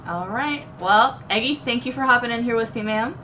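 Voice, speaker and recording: A woman's voice: fairly high pitch, normal speed, bright, forceful tone. Woman, gaming show host, friendly, giggly, faint background noise. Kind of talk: casual show hosting.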